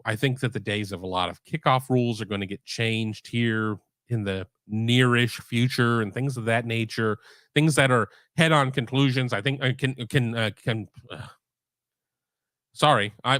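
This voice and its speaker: Host, middle-aged man, casual rambling talker, mid pitch, dead-dry home mic. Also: moderate pace, fairly bright tone, no echo. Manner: rambling, with many restarts. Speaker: sports podcast host. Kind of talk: casual live-stream chat. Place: home room.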